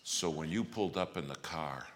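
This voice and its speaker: A man preaching a sermon, telling a story and acting out the dialogue, going from loud to hushed. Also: rumbling low, normal speed. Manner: animated storyteller, acts out quoted dialogue, swings from loud to hushed.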